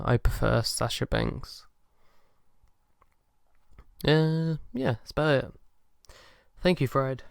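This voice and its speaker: A man's voice: medium pitch, vocal fry, clear, resonant tone, no echo, studio quality. A young man answering fan questions in a casual chat, hesitant and self-deprecating, with lots of ums and uhs. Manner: soft-spoken and shy.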